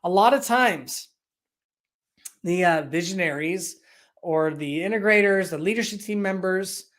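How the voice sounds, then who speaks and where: A business coach giving an energetic, enthusiastic explanatory talk, full of rhetorical questions. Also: mid-range voice, unhurried. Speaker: business coach and EOS implementer.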